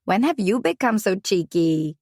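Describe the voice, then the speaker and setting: A woman's voice: medium pitch, big pitch swings, normal speed, a little mellow, no echo, clean studio sound. A woman voicing a cheeky, teasing female coworker in an audiobook.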